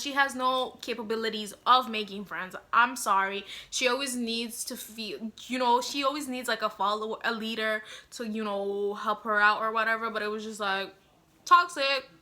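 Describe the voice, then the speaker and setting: A woman's voice: fairly high pitch, normal speed, pushed and bright. A young woman vlogger giving blunt, sassy commentary to her viewers, full of slang and "like" and "you know". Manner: sassy, blunt and exaggerated, addresses viewers as y'all. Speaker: vlogger reviewing a TV show. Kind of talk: casual opinionated commentary to camera.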